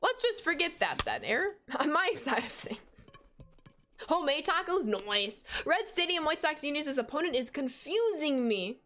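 A young woman in her twenties streaming a baseball video game, chatting with viewers and reacting with sudden excited squeals. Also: high-pitched, moderate pace, faint music behind. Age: 20s. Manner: chatty, reads out and answers chat while playing. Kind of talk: casual game stream chat.

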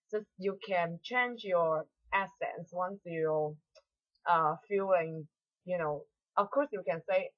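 Low-voiced woman teaching. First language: Mandarin. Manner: explains patiently in halting English, slowly models phrases. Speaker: Mandarin teacher. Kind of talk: language lesson. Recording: dull lo-fi audio.

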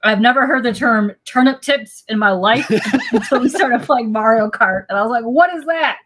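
A woman's voice: on the high side, normal speed, noisy background. Laughing woman guest telling stories. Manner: lively storyteller, laughs often. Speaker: podcast guest. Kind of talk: casual chat.

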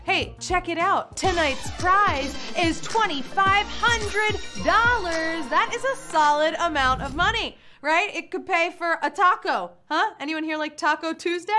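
A woman's voice: very high voice, a little slow, few pauses, over music. A young woman hosting a live quiz show, playful and punny, chatting with her players. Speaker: game show host. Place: studio in New York.

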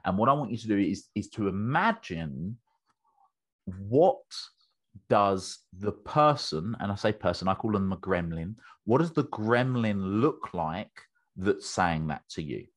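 A man's voice: on the low side, lively intonation, unhurried. A British man, a business coach, explaining a method with enthusiasm as an interview guest, often restarting his sentences.

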